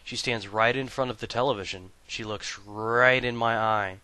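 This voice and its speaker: Here a man with a lowish voice talks at a normal speed in a dry recording. Hosting a gaming video, he tells a funny story and discusses his gear with foul-mouthed, crude jokes, dropping from quiet narration into noisy, thrilled outbursts during the comic storytelling and play-by-play.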